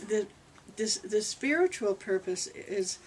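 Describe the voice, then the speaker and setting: A woman's voice: mid-range voice, lively intonation, slow. An older woman, a reverend, answering questions from a small group in a loose, rambling way and relaying what a spirit says. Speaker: channeling reverend. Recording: distant mic with faint noise.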